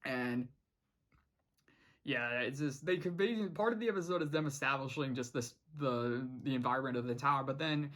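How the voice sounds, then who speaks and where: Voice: mid-range voice, normal speed, fairly bright tone. A cartoon reviewer recapping an episode in a casual vlog, rambling with many restarts and quoting the characters' lines.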